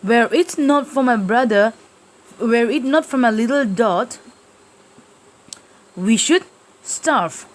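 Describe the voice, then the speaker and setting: A woman's voice: on the high side, sing-song, takes it slowly. A woman voicing a proud, fussy elderly lady who is in despair, reading her lines aloud in a lesson.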